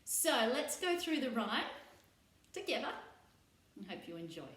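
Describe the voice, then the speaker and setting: A woman's voice: fairly high pitch, sing-song, a little slow, fairly bright tone. A woman hosting a children's playtime session, leading stretches and farm animal sounds in a playful, sing-song way. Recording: roomy echo.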